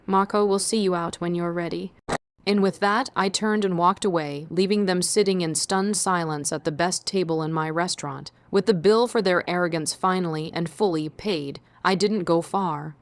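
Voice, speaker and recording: Female storyteller, lowish voice, measured dramatic first-person narration.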